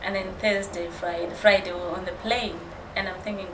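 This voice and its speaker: A woman's voice: mid-range voice, fairly even intonation, fairly quick. Earnest woman telling her story, roomy. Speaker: guest. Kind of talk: casual chat. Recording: roomy with background noise.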